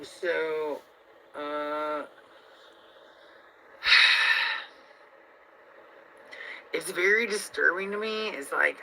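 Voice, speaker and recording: Woman vlogger, rambling profane rant to camera, very bright cutting tone, jumps between yelling and muttering. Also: low-pitched, a little hiss or hum, rough recording. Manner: rambling, heavily profane, swings between loud outbursts and mutters. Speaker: vlogger addressing viewers. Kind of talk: casual venting monologue.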